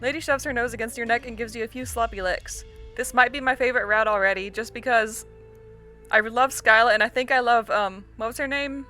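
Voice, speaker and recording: A woman's voice: fairly high pitch, steady tone, a little fast, bright, forceful tone, faint music behind. A woman hosting a game playthrough, reading the story aloud with chatty, self-deprecating comments. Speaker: let's-play host.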